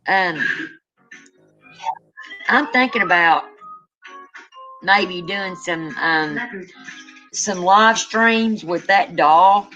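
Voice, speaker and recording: A woman's voice: fairly low pitch, extremely slow, long pauses, sharp tone, muffled recording, faint music behind. An older woman with a grandchild, chatting casually on a live stream, rambling, trailing off and yawning. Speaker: co-host.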